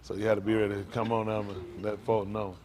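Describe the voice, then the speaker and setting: Background noise accompanies this fast-talking American pastor with a lowish voice. His sermon is informal and joking, full of laughter, teasing of the congregation and repeated calls of "isn't that right?", all delivered with animation.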